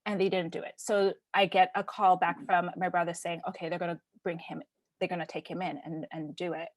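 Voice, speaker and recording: A woman from Canada, hosting a podcast and telling a personal story in a casual, halting way, with many fillers and restarts and sometimes a hushed near-whisper. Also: fairly low pitch, level tone, no room sound, clean studio sound. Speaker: podcast host.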